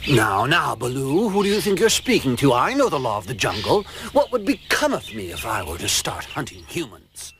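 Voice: medium pitch, moderate pace, hardly any pauses, background noise. A performer voicing a fussy, scolding python who insists he is good. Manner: scolding, animated. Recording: cartoon clip over music.

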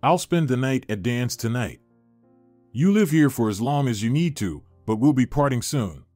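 A hurt, pleading young man betrayed by his bride-to-be, read by a male narrator. The voice is dry and close, with lively pitch and faint music underneath. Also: moderate pace, dry recording, natural voice. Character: heartbroken young man, trusting fiancé.

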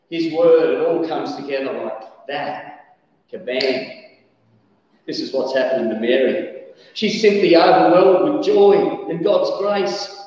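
A man preaching a lively sermon, telling stories with sudden shouted bursts. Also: a little high. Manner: animated storytelling, bursts of shouting. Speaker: pastor. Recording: echoey hall, distant dull mic.

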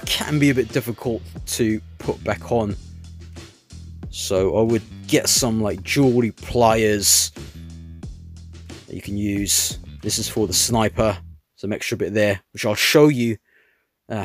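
A man casually reviewing an action figure, talking in a relaxed, rambling way with hesitant fillers. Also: mid-range voice. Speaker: toy reviewer.

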